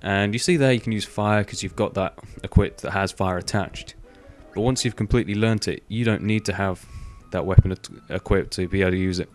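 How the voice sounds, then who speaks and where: A young man chats loosely through a game, full of fillers and offhand swearing. His voice sits very low, with faint music behind him. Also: steady tone, fairly quick, hardly any pauses. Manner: rambling, swears casually, many fillers. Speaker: gaming video host. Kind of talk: casual gameplay commentary.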